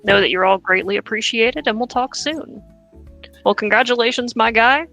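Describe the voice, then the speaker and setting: Bright-voiced woman reading comments. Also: fairly high pitch, moderate pace, soft background music. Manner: reads comments aloud with playful twang. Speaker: co-host reading viewer comments. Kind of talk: casual podcast chat.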